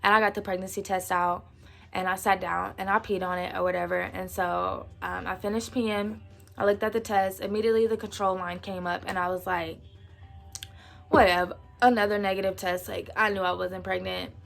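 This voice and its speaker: A woman's voice: medium pitch, little pitch movement, a little fast, gravelly, fairly bright tone, faint music behind. A woman in her twenties telling a personal story in a casual, slangy way, acting out what people said. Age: 20s. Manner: chatty, slangy, acts out quotes. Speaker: vlogger.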